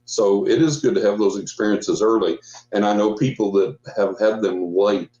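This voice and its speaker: An older man with a low voice tells a story in a loose, rambling way, full of restarts. His audio sounds roomy and muffled, as if from a remote call. He speaks as a guest on a radio talk show. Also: steady tone, normal speed, dark tone. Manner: rambling, with frequent restarts and quoted dialogue. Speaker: guest psychic. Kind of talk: casual storytelling interview.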